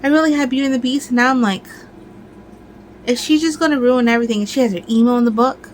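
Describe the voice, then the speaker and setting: A woman talks casually to her viewers in a lively, ranting way, full of fillers and restarts. Her voice sits a little high. A faint hum runs under the recording. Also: fast, rough recording. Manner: animated, ranting, lots of fillers. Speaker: crafting vlogger. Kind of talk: casual chat.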